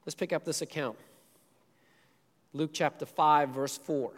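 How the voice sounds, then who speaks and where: A man's voice: fairly high pitch, steady tone, unhurried. A male pastor preaching a sermon in a casual, joking way, retelling a story and acting out the quotes. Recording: echoey hall.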